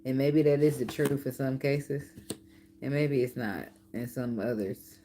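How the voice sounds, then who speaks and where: Low-voiced, profane woman tarot reader. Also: fairly even intonation, a little slow, mellow, slight background noise. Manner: profane, laughing, playful banter. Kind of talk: casual tarot reading.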